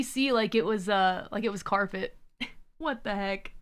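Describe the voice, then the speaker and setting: A woman hosting a relaxed live stream from home, chatting casually, laughing often and cooing at her cat. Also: medium pitch, moderate pace. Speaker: livestream host. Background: faint background music.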